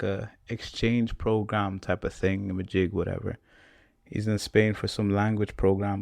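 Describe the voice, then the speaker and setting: A man's voice: lowish voice, gravelly, dry recording, studio quality. A young man in his twenties, a podcast host, telling a personal story in a casual, repetitive way. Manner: casual, repetitive, animated retelling.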